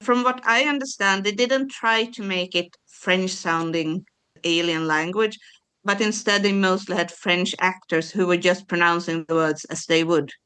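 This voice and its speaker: Smooth-voiced woman podcast co-host. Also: on the low side, fairly even intonation, unhurried, a bit bright. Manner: enthusiastic, explains at length. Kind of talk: casual chat.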